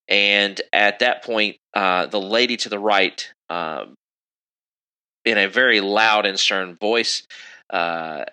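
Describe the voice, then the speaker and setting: A man's voice: sits low, slow pace, bright, forceful tone, clear, resonant tone, poor audio. A man narrating a tabletop game as game master, describing scenes with many fillers.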